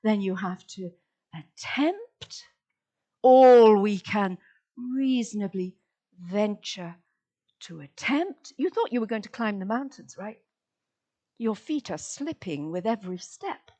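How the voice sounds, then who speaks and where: A woman giving a lecture in an expressive, playful way, acting out inner voices and drawing out single words, often asking the audience questions. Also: mid-range voice, slow pace. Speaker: summer school lecturer. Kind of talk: expressive lecture on word meanings.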